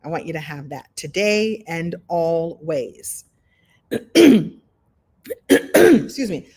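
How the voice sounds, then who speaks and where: Lively woman coaching a live workshop. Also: low voice, slow. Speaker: story coach. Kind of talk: live online workshop talk. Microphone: video call.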